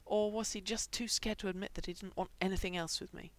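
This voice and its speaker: A woman voicing a guarded young man who speaks coldly and bursts into loud, forceful shouts. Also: mid-range voice, steady tone, fast talker, lightly acted. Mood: hurt. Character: guarded young man, cold then pleading.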